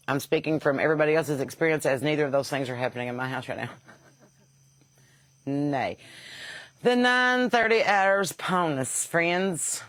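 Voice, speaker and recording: A woman with a Southern accent hosts a podcast, her low voice captured in a dry recording. Blunt and sarcastic in casual comedic talk, she laughs at her own jokes and sounds a bit stuffy from sinus trouble.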